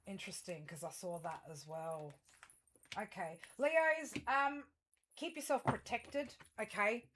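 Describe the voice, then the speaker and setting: A woman at a middle pitch delivers a tarot reading straight to her audience. She circles around her points with fillers and restarts. Then she lands them bluntly and emphatically, peppered with swearing. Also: unhurried, background noise. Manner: rambling with many fillers and restarts. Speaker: tarot reader. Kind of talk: astrology tarot reading addressed to viewers.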